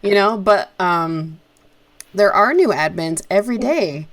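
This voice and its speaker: A woman's voice: medium pitch, lively intonation, measured pace, dry recording. A woman co-hosting a podcast who talks in a chatty, rambling way and asks questions over a remote call. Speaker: podcast co-host. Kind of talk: casual interview chat.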